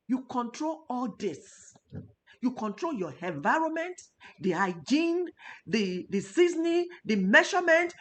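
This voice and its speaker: Nigerian woman, nutritionist host, high animated voice, emphatic and passionate. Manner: emotional, emphatic, preachy. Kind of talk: health talk show.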